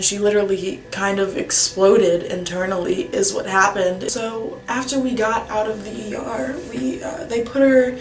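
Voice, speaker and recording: A woman's voice: on the high side, rough recording. A woman vlogger telling a personal story to her viewers in a casual, emotional way, tearful at times. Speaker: YouTube vlogger.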